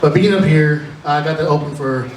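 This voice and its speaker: A man's voice: on the high side, normal speed, recorded from a distance, background noise. A nervous young man telling self-deprecating stories in a stand-up set at a live comedy show. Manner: self-deprecating, chatty storytelling with many restarts. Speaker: opening comedian. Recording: echoey live room recorded from afar.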